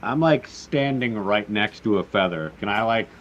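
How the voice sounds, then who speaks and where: A man's voice: lowish voice, lively intonation, moderate pace, fairly bright tone, muffled recording, slight background noise. A man playing in a tabletop game, casually asking questions and talking through ideas with restarts. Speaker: player.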